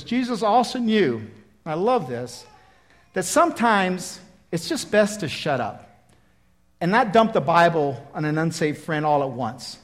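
A male preacher with a high-pitched voice delivers a folksy, conversational sermon. He acts out Bible dialogue with animated emphasis.

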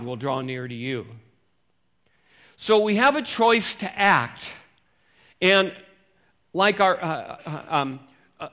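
A male pastor preaching a conversational sermon, moving between loud emphatic phrases and quiet, low asides.

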